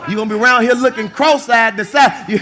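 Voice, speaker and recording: A man with a strikingly high voice preaches in a church sanctuary, speaking. He shouts, laughs and slips into the voices of husbands and wives to make his point. The congregation can be heard clearly around him. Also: quick pace, over music, crowd noise. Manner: animated, shouting and laughing with the congregation, acting out spouses. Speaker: pastor. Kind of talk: sermon. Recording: live church service with congregation audible. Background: congregation responding.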